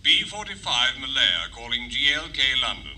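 A man's voice: mid-range voice, very animated, moderate pace, close to an everyday voice. An actor playing a polite, clipped male radio amateur overseas, heard faintly over a hissing radio link. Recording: far-off radio voice with loud hiss.

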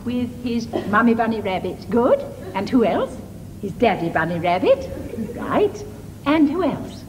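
A woman's voice: fairly high pitch, sing-song, a little slow. A woman playing a condescending, sing-song nursery teacher in a comedy sketch. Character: patronizing, sugary nursery-school teacher woman. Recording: live stage recording in a hall, noisy.

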